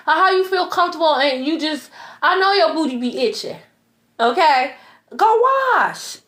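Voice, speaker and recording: A woman's voice: high voice, a bit bright. A young woman tarot reader ranting in a blunt, profane, repetitive monologue. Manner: blunt, profane, repeats herself.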